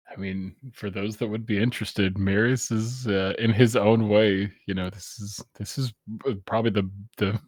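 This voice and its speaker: A man running a tabletop game as game master, easygoing and quick to laugh. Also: on the low side, no room sound, clean studio sound.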